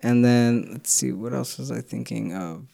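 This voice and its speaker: Rambling young man with a mellow voice. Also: mid-range voice, normal speed, vocal fry, no echo, clean studio sound. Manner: rambling, laughs often, loses his train of thought. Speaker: podcast co-host. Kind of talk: casual chat.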